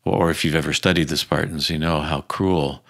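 A man's voice: extremely low pitch, fairly even intonation, moderate pace, a bit bright. A man speaking as an author guest in an interview, emphatic and repeating his points. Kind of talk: conversational interview answers.

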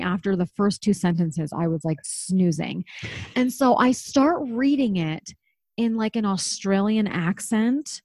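A woman's voice: medium pitch, lively intonation, measured pace, a little mellow, no room sound. A woman in her thirties hosting a podcast, talking candidly and chattily, swearing now and then. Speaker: podcast host. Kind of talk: casual chat.

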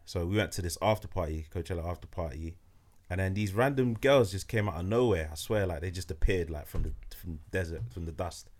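A man's voice: deep voice, fairly quick, a little mellow. A young man with a London accent, telling a story in casual chat with lots of slang and laughter.

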